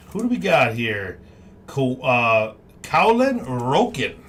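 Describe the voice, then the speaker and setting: A man's voice: mid-range voice, big pitch swings, slow pace, fairly bright tone, a little hiss or hum. A man hosting a live card break stream, reading out each card with upbeat, cheerful exclamations.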